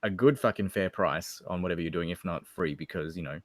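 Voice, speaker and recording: Laid-back Australian man, low voice. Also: fairly quick, dry recording. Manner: laid-back, profane, joking. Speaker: livestream co-host. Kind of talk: casual livestream chat.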